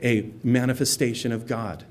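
A male pastor with a mid-range voice talks at normal speed, teaching a Bible passage verse by verse. He keeps the tone relaxed, explains what the words mean, and quotes scripture with feeling.

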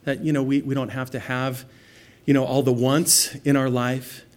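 A man preaching a sermon in a mid-pitched voice. He reads scripture with rising force and falls to a hushed, earnest tone for personal appeals. His talk is conversational between the swells. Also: moderate pace. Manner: expressive preaching, rising loud on scripture, dropping soft for intimate points. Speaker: pastor.

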